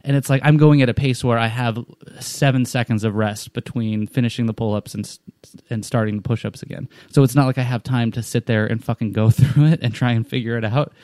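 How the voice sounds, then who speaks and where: A man's voice: mid-range voice, steady tone, a little fast, hardly any pauses, dark tone, no room sound, clean studio sound. A man in casual chat, telling a long story in a rambling, profane way with frequent restarts. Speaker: storyteller in a conversation.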